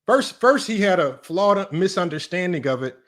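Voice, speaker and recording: A man's voice: sits high, lively intonation, moderate pace, a bit bright. A man hosting a livestream sports talk show, emphatic and repetitive, tossing in "right?" and "y'all" as he argues a point. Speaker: sports channel host.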